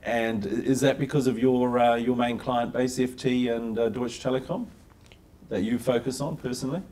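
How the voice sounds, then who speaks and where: A man's voice: medium pitch, steady tone, moderate pace, darkish tone. A man interviewing an analyst, asking probing questions in a conversational way.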